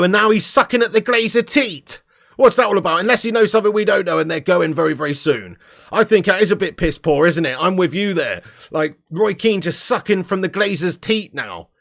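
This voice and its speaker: A man's voice: sits high, vocal fry, a bit bright. A man hosting a casual live-stream fan show, blunt and sweary, laughing between rants.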